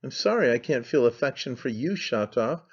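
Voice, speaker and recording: A cold, aloof aristocrat answers in a cool, measured tone, voiced by an audiobook narrator. His voice sits mid-range and the recording is somewhat dull. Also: medium pitch, lively intonation, a little mellow, close to an everyday voice. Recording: slightly dull lo-fi sound.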